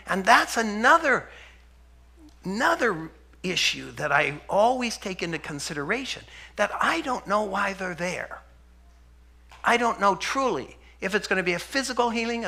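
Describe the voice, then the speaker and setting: A middle-aged man giving a sermon-style testimony, telling stories and acting out the dialogue, dropping to a hush for quoted lines. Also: high voice, gravelly. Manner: storytelling, acts out dialogue, drops to a hush for quotes. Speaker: preacher and health center speaker.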